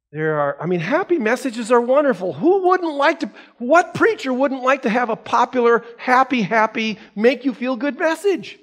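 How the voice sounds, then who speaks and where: Male pastor, high voice, Sunday school teacher, asks the class rhetorical questions. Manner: reads scripture aloud.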